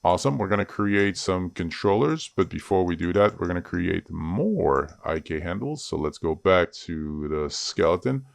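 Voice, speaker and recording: Deep gravelly man teaching software. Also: animated, normal speed, few pauses, no echo. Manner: chatty, self-joking asides. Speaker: 3D rigging instructor. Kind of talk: screen-recorded software tutorial.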